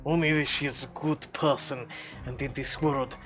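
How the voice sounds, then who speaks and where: A man voicing a big, grave man with a put-on Russian accent who speaks slowly and heavily, over a slightly dull recording with faint game music. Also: medium pitch, fairly even intonation, fairly bright tone, lightly acted.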